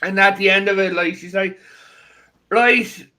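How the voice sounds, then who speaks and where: A man's voice: sits high, a little fast. A man with an Irish accent chatting casually, telling jokey stories. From Ireland. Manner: joking, animated storyteller. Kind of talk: casual chat.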